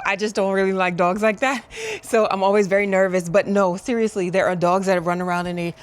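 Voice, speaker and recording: A young woman chats playfully to her camera at home, rambling through her day while chewing gum. Her voice sits at an ordinary middle pitch, loose and casual. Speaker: vlogger.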